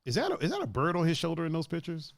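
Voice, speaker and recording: A man's voice: a little high, huge pitch swings, racing, gravelly, dry recording, clean studio sound. Laughing, chatty man from Ohio. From Ohio, USA. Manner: laughs often, swears casually, repeats himself. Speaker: stream co-host. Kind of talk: casual banter and storytelling.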